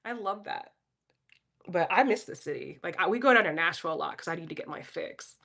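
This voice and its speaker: A woman's voice: fairly low pitch, expressive, fairly quick, vocal fry, fairly bright tone. A woman from Philadelphia giving a casual, profane pep talk on a livestream and answering her chat. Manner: blunt, profane, talks straight to chat.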